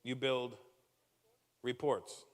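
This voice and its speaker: A man's voice: medium pitch, little pitch movement, drawn-out words, long reverb tail. A male stand-up comedian from Canada doing crowd work on stage, firing teasing, profane questions at the audience.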